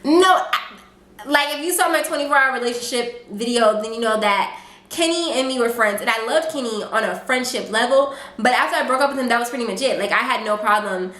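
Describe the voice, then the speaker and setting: A young woman vlogger telling a casual storytime, chatty and animated, full of fillers and quoted asides. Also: on the high side, quick pace. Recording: echoey room.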